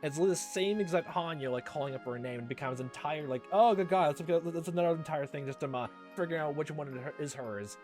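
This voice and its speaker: A man's voice: on the high side, quick pace, few pauses, a little mellow, soft background music. A young man casually reading and commenting through a story game, rambling with lots of fillers and exclamations. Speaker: let's play host.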